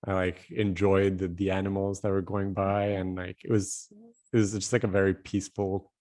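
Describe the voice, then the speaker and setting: Man, podcast host, very deep voice, calm, attentive, conversational. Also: moderate pace. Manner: calm, attentive listener with soft fillers. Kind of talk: conversational interview.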